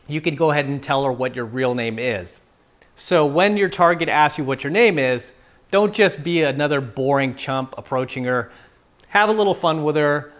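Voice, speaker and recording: Man, casual dating coach, playful talk, acts out quotes, mid-pitched. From San Francisco.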